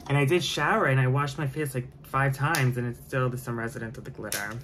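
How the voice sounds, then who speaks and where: A man's voice: mid-range voice, brisk, fairly bright tone, slight background noise. A man chatting casually while doing his makeup on camera, opinionated and prone to tangents. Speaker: beauty vlogger. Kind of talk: casual chat during a makeup tutorial.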